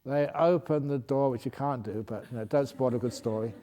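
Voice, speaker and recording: Male monk, humorous dharma talk, mellow voice, laughs a lot. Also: mid-range voice, a little fast. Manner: light-hearted storytelling, laughing often, restarting phrases. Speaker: Buddhist monk and teacher.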